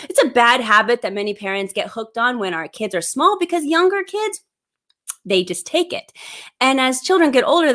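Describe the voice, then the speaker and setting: A woman's voice: on the high side, expressive, normal speed, sharp tone. Upbeat woman hosting live parenting advice. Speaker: parenting show host. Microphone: plug-in microphone.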